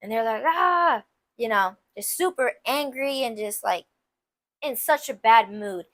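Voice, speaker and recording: A young woman hosting a casual advice podcast speaks directly to her listeners at a measured pace, her voice slightly high. She's candid and emphatic, sprinkles "like" throughout, and adds playful asides that keep things loose and personal, with no room sound.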